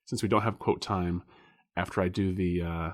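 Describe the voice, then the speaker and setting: A man's voice: low voice, fairly even intonation, normal speed. A man co-hosting a casual podcast chat, laughing often and rambling with lots of fillers. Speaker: podcast co-host.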